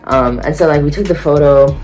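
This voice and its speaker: A young woman vlogging a casual storytime, excitable and giggly, acting out quoted lines in a higher voice. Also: brisk, faint music behind.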